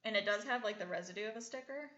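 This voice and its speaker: Bright-voiced chatty young woman, echoey room. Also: mid-range voice, very fast. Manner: chatty, thinks aloud with many fillers. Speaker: reseller vlogger. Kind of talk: casual unboxing chat. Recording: echoey room, dull lo-fi sound.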